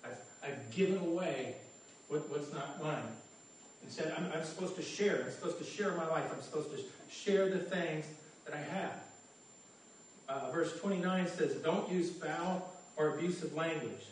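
Stammering pastor in an echoey church. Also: male voice, a little high, moderate pace, a little hiss or hum. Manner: stammering repetitions, earnest and conversational. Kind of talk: sermon. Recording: echoey room from far off.

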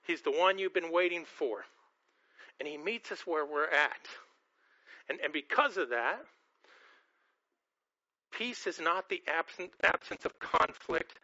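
A man's voice: fairly high pitch, pushed and bright, lo-fi sound. A man preaching a sermon as pastor, earnest, often repeating and restarting his words.

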